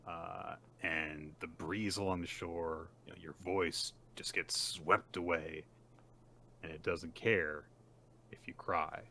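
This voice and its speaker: A man with a low but bright, forward voice talks through a manga chapter on a podcast. He retells the scenes loosely, with lots of fillers, and slips into character lines as he goes. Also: slight background noise. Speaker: podcast co-host. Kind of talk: casual chat recapping a manga chapter.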